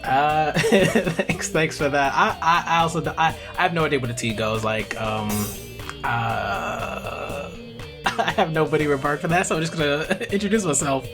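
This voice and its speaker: A man's voice: a little high, moderate pace, music in the background. A man guest on a podcast, talking casually about his channel in a rambling, hesitant way with many fillers. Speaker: guest, YouTuber. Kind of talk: casual interview talk.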